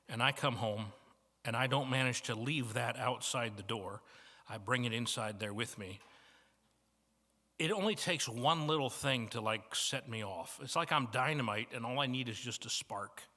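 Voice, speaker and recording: A man with a Midwestern American accent preaching a sermon as guest preacher, telling stories and moving between soft asides and emphatic points. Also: mid-range voice. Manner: storytelling with shifts from soft to emphatic. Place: church banquet hall. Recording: reverberant banquet hall.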